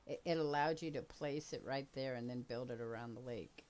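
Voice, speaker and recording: A woman's voice: very deep voice, brisk, a little mellow. An older woman casually chatting and laughing while streaming a game with her daughter. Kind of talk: casual gameplay chat.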